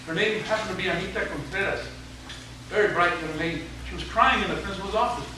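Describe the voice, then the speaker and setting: A man in his seventies with a high voice spins a humorous, folksy story for a room full of students. He sounds far from the mic in a very echoey hall. Clear background noise sits under his voice. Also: quick pace. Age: 70s. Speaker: retired teacher giving a speech. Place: large hall with an audience.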